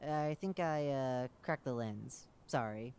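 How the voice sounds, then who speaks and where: A man's voice: mid-range voice, slow, darkish tone, clean tone. A man voicing a clumsy, jumpy young male field operative who stammers and apologizes. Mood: sheepish.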